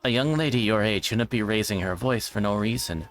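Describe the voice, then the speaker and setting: A man reading a visual novel aloud, voicing a cold, politely menacing middle-aged male killer with a measured, taunting manner. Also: on the low side, soft background music, close to an everyday voice. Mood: calm menace.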